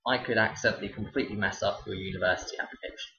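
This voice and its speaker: Young male teacher, wry sarcastic storyteller, lowish pitch, roomy lo-fi recording. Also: racing, sharp tone. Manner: dry, sarcastic delivery. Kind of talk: casual storytelling to camera. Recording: roomy, dull lo-fi sound.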